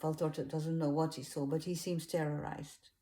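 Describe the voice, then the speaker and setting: A woman retelling a religious story in an unhurried, hesitant way, with fillers and restarts. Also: low voice, level tone, dark tone.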